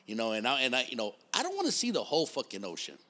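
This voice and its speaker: A middle-aged man talking in an easy, unhurried way, joking and swearing as he chats on a podcast. His voice has a bright, forceful edge to it. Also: medium pitch, wildly swooping pitch. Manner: laid-back, swears freely, jokes about being grumpy. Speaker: podcast host. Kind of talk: casual chat.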